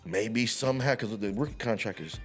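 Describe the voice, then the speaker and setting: A man co-hosting a casual sports podcast, telling animated, profane stories and laughing often. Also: on the low side, fairly quick, soft background music. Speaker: podcast co-host.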